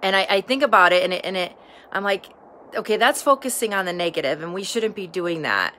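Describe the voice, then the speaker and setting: A woman's voice: medium pitch, animated, fairly quick, pushed and bright, a little hiss or hum. A woman filming herself outdoors, talking earnestly and encouragingly straight to her viewers about gratitude. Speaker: vlogger sharing daily gratitude. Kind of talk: casual heartfelt self-filmed talk.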